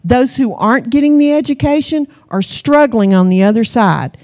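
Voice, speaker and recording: A middle-aged woman preaching to her congregation in a slightly high voice. She tells lively family stories, laughs along the way, and keeps asking the room for an amen. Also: normal speed. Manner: animated storytelling, calls the congregation for amens. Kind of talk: sermon.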